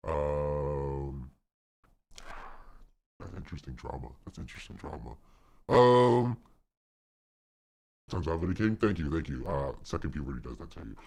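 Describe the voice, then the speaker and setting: A man doing a deep-voiced impression of a male streamer, slow, booming and mock-serious. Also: sing-song, creaky, a little mellow, exaggerated voice. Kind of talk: live stream reaction.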